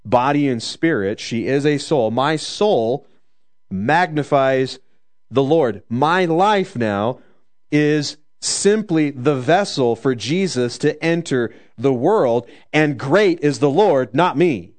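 Male preacher, pretty high voice, laid back and jokey, slows right down on the bible verses. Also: expressive. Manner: informal, joking asides, slows to stress scripture. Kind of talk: conversational sermon.

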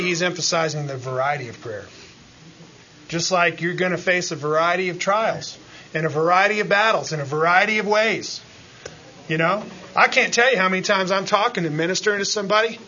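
A man preaching a sermon as pastor, dropping to quiet asides and then climbing into loud, rising pleas, often calling out "Amen?" to the congregation. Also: high-pitched, dull audio.

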